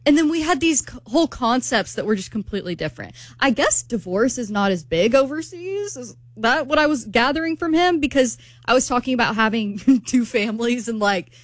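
A woman with a high voice tells a story on a radio show, lively and animated. Her voice is recorded dry and close in a studio. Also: fairly quick, hardly any pauses, dry recording. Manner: animated storyteller quoting a date. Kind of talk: casual radio chat, storytelling.

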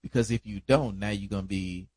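A middle-aged man, recalling caring for a dying family member in a reflective, halting way. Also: on the low side, a little mellow, slightly rough. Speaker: family caregiver. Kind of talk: casual family conversation.

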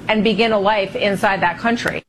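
A woman's voice: mid-range voice, fairly even intonation, brisk, a little hiss or hum. A woman interviewing a guest on television, pushing back with incredulous questions.

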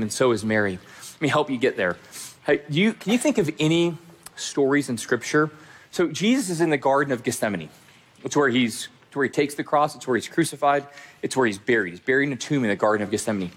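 A man's voice: mid-range voice, breathy edge. A male pastor preaching a sermon, speaking emphatically and repeating phrases for stress.

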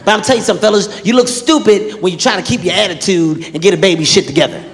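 Brash high-voiced stand-up man. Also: very fast, a little hiss or hum. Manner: brash, profane, acts out scenes. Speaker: stand-up comedian. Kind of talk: stand-up comedy. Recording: reverberant venue with crowd.

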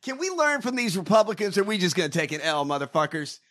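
A man rants at full volume, swearing and breaking into shouts. His voice sits high with lively swings in pitch. The tone is bright and cutting. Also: quick pace. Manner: loud, profane, often shouting. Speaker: podcast host. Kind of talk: profane political rant.

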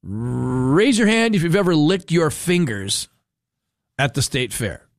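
A radio host chats his way through a casual segment, his voice sitting a little high for a man. He tells stories with lots of energy and slips into playful voices when he quotes people. The sound is close and dry, with no room echo. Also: slow pace, creaky. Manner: chatty, animated storytelling with playful quoted voices. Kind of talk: casual talk radio chat.

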